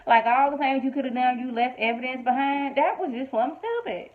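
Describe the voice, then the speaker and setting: A woman's voice: high voice, fairly quick. Chatty woman recapping a TV episode. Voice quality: animated, emphatic storytelling with quoted asides. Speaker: TV show reviewer. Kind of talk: casual recap and review. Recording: tinny phone-like audio.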